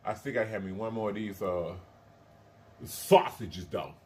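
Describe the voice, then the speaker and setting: A man's voice: on the low side, moderate pace, slight background noise. A man hosting a mukbang vlog, chatting casually to viewers while eating, calling them y'all and honey, with frequent mm sounds between bites. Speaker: mukbang vlogger.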